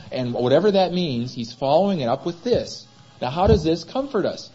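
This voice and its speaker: Guy preaching in a chapel, kinda husky, keeps firing questions at the crowd, dull lo-fi sound. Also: a little high, sing-song, normal speed, mellow. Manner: asks the congregation rhetorical questions. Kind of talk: sermon.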